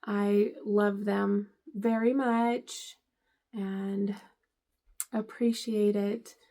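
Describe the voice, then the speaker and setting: Slow, gravelly-voiced woman gushing over gifts. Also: medium pitch, little pitch movement, warm tone. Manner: gushing, emotional, tearful at times. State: teary. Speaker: vlogger. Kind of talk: casual unboxing vlog.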